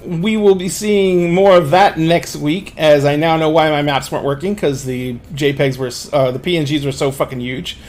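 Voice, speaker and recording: Game master, male, narrates scenes, a touch high in pitch. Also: fairly even intonation, moderate pace, hardly any pauses, darkish tone. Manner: descriptive narration with frequent restarts.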